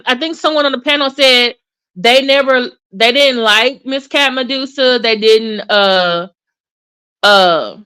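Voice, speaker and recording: A woman hosting a casual livestream commentary, chatty and animated, with many fillers and restarts. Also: a little high, clear, resonant tone. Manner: addresses viewers in chat by name. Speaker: commentary channel host.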